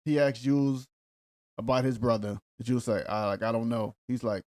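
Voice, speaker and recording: A man's voice: medium pitch, dry recording, clean studio sound. A man co-hosting a podcast, chatting casually and teasing his co-host about the show. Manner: relaxed, teasing, drawn-out fillers. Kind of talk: casual recap chat.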